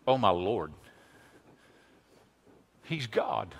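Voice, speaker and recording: A male pastor delivers a sermon in a fairly high voice. He preaches with fervor, dropping to near-whispers and then rising to loud, emphatic declarations. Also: expressive, unhurried. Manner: emphatic, swings from hushed to loud exclamations.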